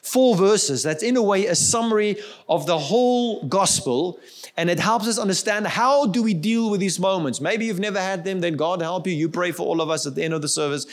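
A middle-aged male pastor preaches a sermon earnestly and conversationally, checking in with his listeners along the way. His voice is high and a little fast.

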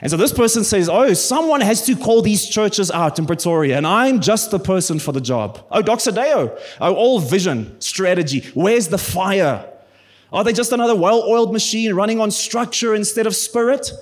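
A smug male armchair critic, sneering at every church in a high, husky voice, as a pastor mocks him sarcastically. The tone is teasing and exaggerated. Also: animated, moderate pace.

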